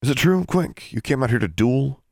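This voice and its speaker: Dude doing a smug bully wizard kid, taunting, bouncy voice. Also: male voice, mid-range voice, lively intonation, moderate pace, vocal fry, no room sound, clean studio sound, pitched above the performer's own voice.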